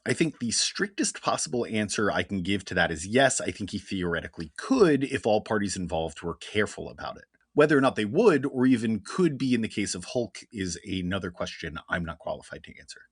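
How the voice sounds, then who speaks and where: A man co-hosting a podcast, reading listener mail in a dry, deadpan, casual way. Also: on the low side, fairly quick, few pauses, breathy edge, no echo. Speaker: podcast co-host. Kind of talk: casual chat.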